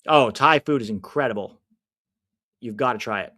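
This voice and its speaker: A man's voice: mid-range voice, moderate pace. An American man hosting a live football watch-along, chatting with viewers and reacting to the match. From United States. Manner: chatty, answers viewers' comments, bursts of excitement at chances.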